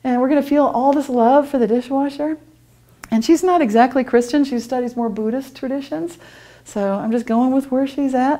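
A woman's voice: a little high, fairly quick, dark tone. A middle-aged woman giving a conference talk, telling personal stories with frequent laughter and acting out her own thoughts. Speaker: conference speaker. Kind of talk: storytelling presentation. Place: conference room.

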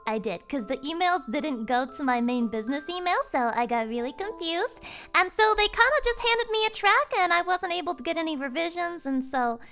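A woman's voice: very high voice, animated, brisk, vocal fry, pushed and bright. A woman streamer chatting casually to her viewers, playful and swearing, rambling with fillers. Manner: playful, swearing, meowing at chat. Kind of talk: casual live-stream chat.

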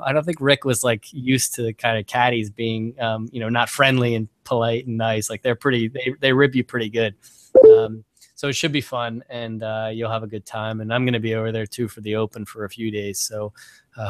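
A man's voice: lowish voice, no echo. A man hosting an interview podcast, chatting casually and rambling with many fillers. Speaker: podcast host.

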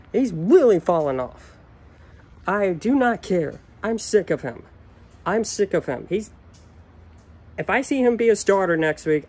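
A young man in a solo rant, upset and frustrated, his voice sitting a little high. He repeats himself and swears as he vents. The talk is off the cuff, a casual video to the camera. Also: darkish tone. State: upset and furious. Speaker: sports fan ranting on video.

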